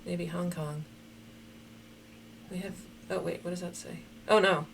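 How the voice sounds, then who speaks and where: A woman's voice: lowish voice, steady tone, unhurried, creaky, a little hiss or hum. Chatty woman thinking aloud over gameplay. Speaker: game streamer. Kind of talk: casual gameplay commentary.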